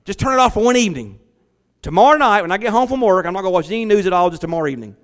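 A middle-aged man, preaching a lively, conversational sermon from a church hall. He repeats his words and talks back to the congregation. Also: high-pitched, very fast. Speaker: pastor. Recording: long church hall reverb.

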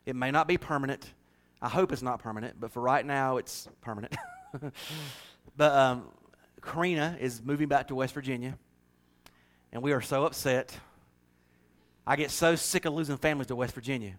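A man's voice: mid-range voice, normal speed. A man preaching and making church announcements in a folksy, joking, chatty way. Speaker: pastor.

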